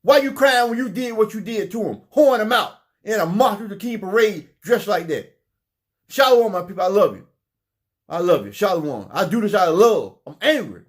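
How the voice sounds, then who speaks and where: A man's voice: high-pitched, animated, normal speed. A man delivering an impassioned preaching monologue, fervent, often repeating phrases and stumbling over his words. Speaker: religious speaker.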